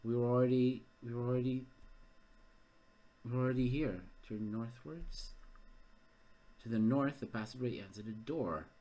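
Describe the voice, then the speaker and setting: A man who runs a gamebook live as game master, thinking aloud and getting excited. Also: mid-range voice, moderate pace, pauses often. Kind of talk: live-streamed gamebook narration.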